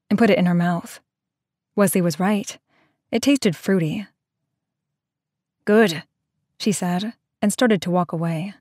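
A woman narrating an audio drama in a slow, measured storytelling manner. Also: medium pitch, darkish tone, no echo, studio quality.

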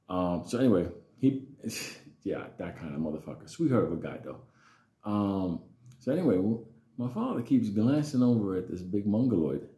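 A man's voice: low-pitched, dark tone. A man telling a childhood story in a casual, rambling, profane way with lots of fillers. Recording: roomy echo.

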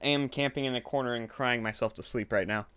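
A man casually commentating his gameplay, panicky and exclaiming, quick to laugh. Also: mid-range voice, fairly even intonation, a bit bright, slight background noise. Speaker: gaming video host.

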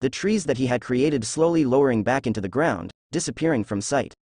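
Male fan fiction narrator, steady storyteller, dry recording. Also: mid-range voice, brisk, dry recording.

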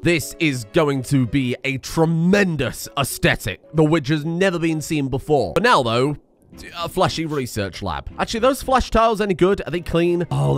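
A man commentating on a video game as a streamer, excitable, laughing and swearing often. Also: a little high. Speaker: gaming streamer. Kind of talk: let's play commentary.

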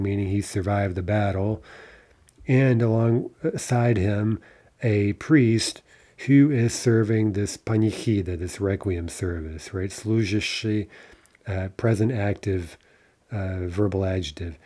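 Mellow low-voiced man teaching a lesson. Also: unhurried. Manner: explanatory, frequent "right?" tag questions. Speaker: language teacher. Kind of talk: recorded lecture over slides.

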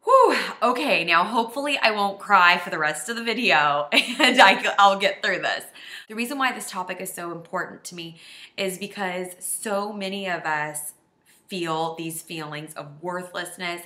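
A woman's voice: lowish voice, moderate pace, bright, forceful tone, echoey room. A woman life coach giving an earnest, heartfelt and emotional confessional self-help vlog.

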